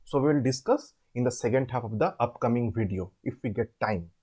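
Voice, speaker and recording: A man explaining an assignment step by step. He asks questions and answers them himself, and repeats words slowly to show how they are said. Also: medium pitch, warm tone, husky. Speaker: online tutor.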